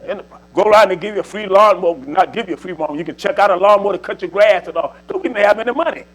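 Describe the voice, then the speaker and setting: Man, 70s, church exhortation, high pitch, folksy and repetitive. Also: very fast, poor audio. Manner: folksy, repetitive, exhorting with 'see' and 'you know'. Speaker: church speaker. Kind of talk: preaching exhortation.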